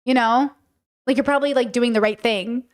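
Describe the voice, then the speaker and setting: Her pitch is fairly high and her intonation fairly even, and she moves briskly. A woman running a podcast, she takes chat questions in a frank, laid-back manner typical of a livestream, pausing to check on her listeners.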